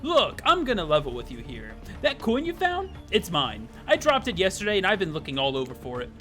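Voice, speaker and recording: A man's voice: high voice, wildly swooping pitch, brisk, fairly bright tone, soft background music, exaggerated voice. A man reading the lines of a sly game narrator who wants a coin back, in a dramatic voice.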